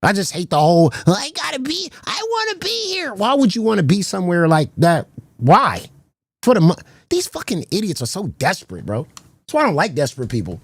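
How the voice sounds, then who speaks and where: A man's voice: on the high side, big pitch swings, brisk, husky, dry recording. A man hosting a stream, ranting in slangy, swearing, mocking talk. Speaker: stream host. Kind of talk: casual ranting commentary.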